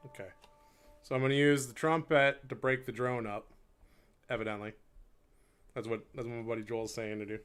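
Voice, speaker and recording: Guy chatting with his stream while he practices, mid-pitched voice, rambly and laughing at himself, faint drone music behind. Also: steady tone, moderate pace, pauses often, fairly bright tone, clear, resonant tone. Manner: rambling, self-deprecating, laughs often; talks while playing, counting beats aloud. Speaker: live streamer practicing an instrument. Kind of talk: casual live-stream chat with viewers. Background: faint hurdy-gurdy drone.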